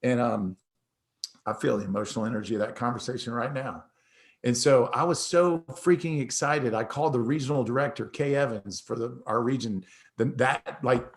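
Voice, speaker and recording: A middle-aged man hosts a motivational talk, telling a personal story in a loose, conversational way. He breaks off and restarts often, and acts out the dialogue with energy. His voice sits at an ordinary middle pitch. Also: normal speed. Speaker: host.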